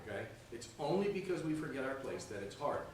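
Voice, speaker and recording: A man's voice: medium pitch, very animated, quick pace, distant mic. A man teaching a conversational Sunday school Bible lesson, often checking in with his class by asking "okay?" and "right?". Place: church classroom. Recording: echoey room, voice from off-mic.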